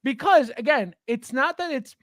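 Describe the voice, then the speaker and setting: Guy hosting a collectibles podcast, high voice, dry close sound, lots of uhs and laughs. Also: expressive, moderate pace, fairly bright tone, dry recording. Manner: chatty, laughs often, thinks aloud with fillers. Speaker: podcast host. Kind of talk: casual chat about collectible figures.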